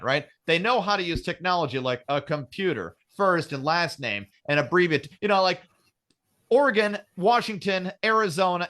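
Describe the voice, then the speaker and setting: A man's voice: a little high, a bit bright. A man co-hosting a casual podcast, rambling and swearing as he rants and acts out mock quotes. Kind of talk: casual profane political banter.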